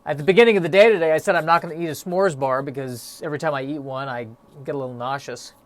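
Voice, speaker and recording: Speaking quickly in a voice on the high side, a young man rambles through a solo podcast monologue, stopping and starting, putting himself down, and leaning on fillers. He's a little out of breath, and the recording is dry.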